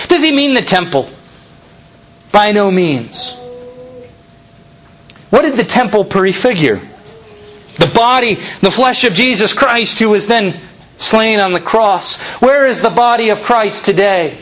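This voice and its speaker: A male preacher delivers a sermon in a high, animated voice that swoops up and down. He leans hard on rhetorical questions and builds to fervent, emphatic peaks. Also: unhurried, long pauses. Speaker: pastor.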